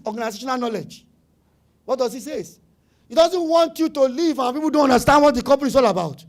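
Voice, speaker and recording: At a business summit, a middle-aged Nigerian man delivers an animated talk in a high, bright voice with lively intonation and a quick pace. He speaks emphatically, repeating words to hammer his points, and occasionally drops into pidgin.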